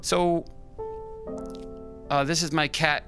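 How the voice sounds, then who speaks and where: Reading fan mail on a restaurant livestream, a man from the US West Coast speaks in a slightly high, steady tone over music. His delivery is halting and rambling, self-deprecating, with plenty of fillers.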